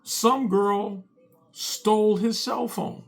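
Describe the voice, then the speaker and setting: Brief: father doing a comic storytelling monologue, high-set, gravelly voice, animated delivery. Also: very slow. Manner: animated, acts out both sides of the dialogue.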